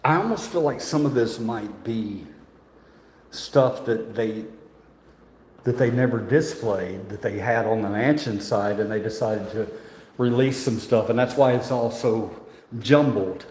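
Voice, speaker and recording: A man's voice: lowish voice, unhurried, darkish tone. Joking man vlogging in echoey halls. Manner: chatty, joking, rambling, laughs often. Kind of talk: casual vlog walkthrough. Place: indoor museum halls. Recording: echoey museum rooms, faint ambience.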